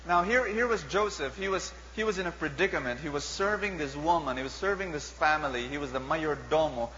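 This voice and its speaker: A man with a Filipino accent preaching a sermon, animated and mixing languages, asking the crowd rhetorical questions. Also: fairly high pitch, brisk. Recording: dull lo-fi sound with long hall reverb and faint hum.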